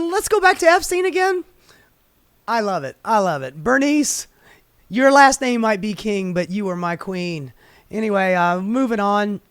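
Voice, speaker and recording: A man's voice: high voice, fairly bright tone, smooth, no echo, clean studio sound. A man hosting a sarcastic, profane political commentary, ranting and mocking. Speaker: commentary host.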